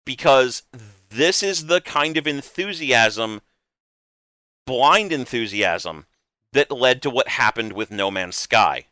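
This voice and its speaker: A male podcast host with a bright, crisp voice speaks earnestly and with emphasis, dropping casual swears. The sound is dry and close, with no room around it. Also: medium pitch, expressive, takes it slowly, no echo.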